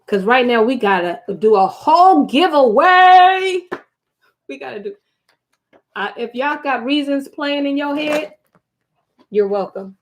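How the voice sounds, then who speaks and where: A woman's voice: high-pitched, expressive, unhurried. A woman hosting a casual live stream, reading a book aloud to her viewers, chatty and prone to digressions and asides.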